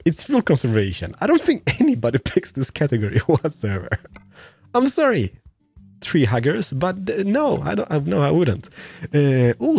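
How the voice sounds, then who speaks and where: A man's voice: on the high side, huge pitch swings, normal speed, creaky, a little mellow, breathy edge, soft background music. A man giving casual, joking, exclamatory commentary while playing a truck driving game. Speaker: let's-play gamer.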